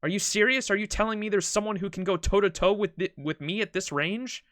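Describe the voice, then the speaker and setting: A man's voice: high voice, brisk, fairly bright tone, no echo, clean studio sound, pitched above the performer's own voice. A man voicing a brash, cocky archer hero from a game, reading his lines in a taunting way. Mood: defiant.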